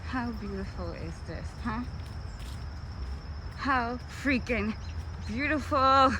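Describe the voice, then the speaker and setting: A woman vlogging on a walk through a park, chatty and excitedly exclaiming at the views. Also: fairly high pitch, slow. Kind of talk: casual vlog while walking. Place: outdoors in a city park. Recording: outdoor phone audio with clear city noise.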